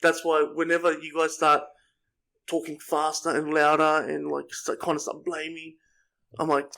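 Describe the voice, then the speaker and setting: Teasing man with a higher voice. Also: completely flat delivery, normal speed, gravelly, sharp tone, poor audio. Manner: teasing, needling his co-host, laughs at his own jabs. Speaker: podcast co-host. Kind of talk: casual teasing banter.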